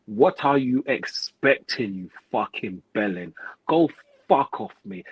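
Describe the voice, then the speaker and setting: A man's voice: medium pitch, breathy edge, dry recording, highs cut off. A man, hosting a football fan show, ranting heatedly with lots of swearing, repetition and street slang. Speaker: football pundit host.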